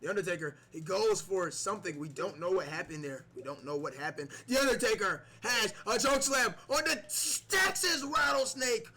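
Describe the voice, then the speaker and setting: A man giving excited play-by-play commentary on a wrestling video game match, repeating the wrestlers' nicknames and yelling at the big moves. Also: sits high, moderate pace, few pauses.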